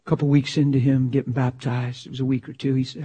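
A man preaching a sermon with passion, swinging from loud exclamations to near-whispers. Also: mid-range voice, little pitch movement, fast, slightly rough.

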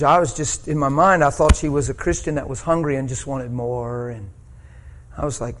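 Animated preacher telling a story. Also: male voice, mid-range voice, normal speed, slight background noise. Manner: animated, swinging from hushed to loud shouted peaks. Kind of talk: sermon storytelling.

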